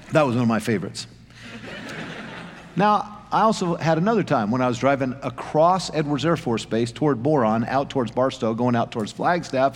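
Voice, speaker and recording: Folksy male pastor in a reverberant hall. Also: mid-range voice. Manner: folksy storytelling with self-deprecating humor. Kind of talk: anecdotal sermon. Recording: long reverb of a large hall.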